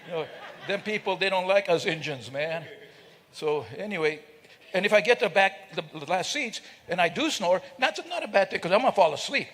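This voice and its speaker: A man's voice: high-pitched, expressive, fairly quick, a bit bright, a little hiss or hum. An older man telling a funny story to a live audience, joking and teasing people in the crowd. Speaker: speaker at a celebration. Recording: reverberant hall.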